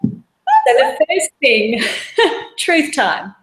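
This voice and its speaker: A woman's voice: high voice, wildly swooping pitch, very slow, a bit bright. A woman, a mother in her thirties, earnestly explaining mindfulness in a casual webinar talk, using everyday examples. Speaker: mindfulness course guest. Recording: roomy echo.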